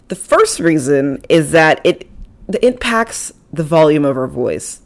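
A woman's voice: low voice, very animated, a little slow. A young woman hosting her own podcast, talking casually into a microphone with playful, self-deprecating asides. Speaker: podcast host. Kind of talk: casual solo podcast talk. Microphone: studio microphone.

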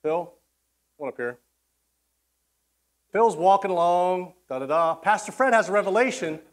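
Male pastor, sermon delivery, casual and conversational, slips into character voices, slightly higher pitch. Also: lively intonation, measured pace. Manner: conversational, acts out quoted voices, frequent restarts.

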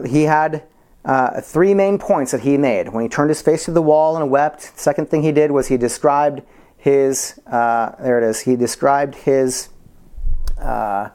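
A pastor preaching a sermon, asking the congregation rhetorical questions, repeating key words for emphasis and explaining word definitions. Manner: repeats key words for emphasis, dropping to soft low tones and rising high.

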